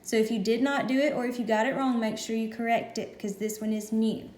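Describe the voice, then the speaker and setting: A patient woman teacher walks through a lesson step by step, in a slightly high voice. The sound is roomy and echoey, as if recorded in a bare classroom. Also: steady tone, a little mellow. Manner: patient, explains slowly step by step.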